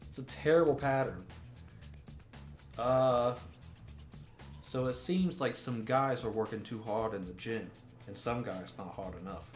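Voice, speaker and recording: A man's voice: medium pitch, unhurried, pauses often, roomy sound, soft background music. A man giving casual, sarcastic gameplay commentary as a gaming YouTuber. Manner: sarcastic, joking banter.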